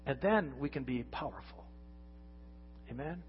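A man preaching a conversational sermon as pastor, his voice swinging from loud emphasis down to hushed lines. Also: mid-range voice, animated, a little slow. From United States. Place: church sanctuary. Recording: lo-fi church recording with long reverb and faint music.

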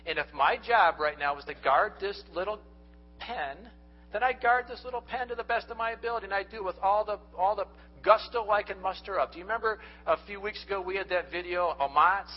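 Faint music sits behind a pastor with a high voice who preaches at a fairly brisk clip. He addresses his congregation earnestly and directly, telling folksy tales, all on a dull lo-fi recording.

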